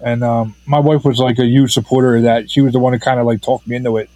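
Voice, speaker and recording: Brief: man, mid-pitch guest, rambles with fillers and restarts, close dry sound. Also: flat delivery, mellow, no echo, low-quality recording. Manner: halting, heavy with fillers and restarts. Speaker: filmmaker guest. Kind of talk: casual interview.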